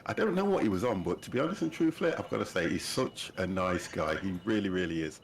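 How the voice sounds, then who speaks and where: A man's voice: low-pitched, expressive, fast talker, creaky. A man in his fifties hosting a livestream, chatting casually and laughing often as he sets up a flight game. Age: 50s. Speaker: livestream host. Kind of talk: casual chat while gaming.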